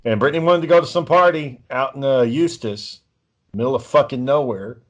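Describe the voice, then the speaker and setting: A man's voice: medium pitch, fairly quick. A man telling rambling stories on a podcast, swearing a lot and stammering. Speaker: podcast co-host. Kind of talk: casual podcast storytelling.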